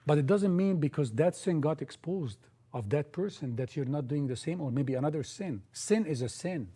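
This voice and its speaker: A man preaching a sermon, emphatic, often repeating key phrases and sometimes halting and restarting. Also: on the high side, animated, dark tone, breathy edge.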